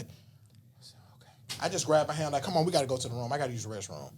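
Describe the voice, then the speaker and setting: A man's voice: high voice, fast talker, fairly bright tone, breathy edge. A man, telling a story in casual, slangy talk and acting out voices and whispers. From Southern US. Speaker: podcast guest.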